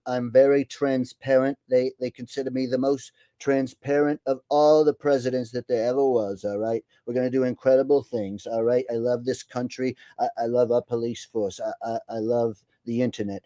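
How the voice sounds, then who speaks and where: A man's voice: mid-range voice, warm tone, no room sound, lightly acted. A man putting on the voice of a boastful older president who rambles and keeps saying "all right?". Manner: repeats "all right?", brags and boasts, mocking. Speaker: host doing an impression. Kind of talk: comedic impression.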